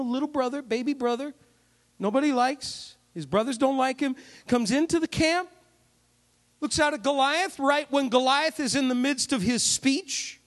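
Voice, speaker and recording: A man preacher delivering a sermon, retelling a Bible story with animated, jokey storytelling. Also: extremely high pitch.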